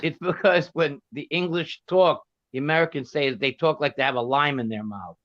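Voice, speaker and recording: As a guest on a casual live stream, a man laughs often and tries out mock accents. His fairly bright voice sits a bit high and moves a little fast. The recording is dry, dull and lo-fi, with no room sound.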